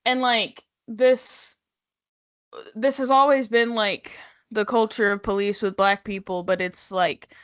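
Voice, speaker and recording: A woman's voice: medium pitch, steady tone, takes it slowly, a bit bright, smooth. A woman co-hosting a casual podcast, talking in a hesitant way with lots of fillers. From United States. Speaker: podcast co-host.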